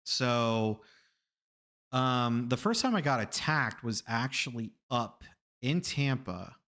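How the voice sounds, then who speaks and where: Animated rambling man with a bright voice. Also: slow pace. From Florida, USA. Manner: animated, rambling, repeats himself, laughs often; acts out the people in his stories with sudden high loud bursts. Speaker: streamer telling stories. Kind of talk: casual storytelling to a live chat.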